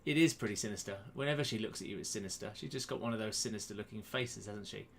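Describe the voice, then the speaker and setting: A man's voice: lowish voice, fast, creaky, slight background noise. A man hosting a quiz live from a room at home, chatty and self-mocking as he greets viewers by name. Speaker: quiz host. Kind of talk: casual live-stream chat. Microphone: webcam close to the face.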